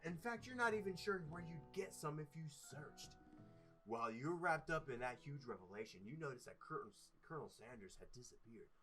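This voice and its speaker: Guy playing a dating game out loud, goofy, big ups and downs, bright voice. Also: a little high. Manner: playful, exaggerated reading with sudden loud bursts. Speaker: gamer reading a dating game. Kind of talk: let's play commentary.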